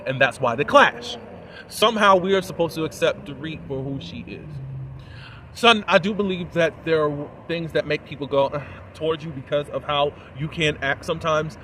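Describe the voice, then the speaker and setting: Speaking at a moderate pace with a fairly bright tone, a man with a fairly high voice gives a casual, chatty recap of a reality show. He's sassy and opinionated and addresses his viewers directly, with a faint hiss of noise behind him.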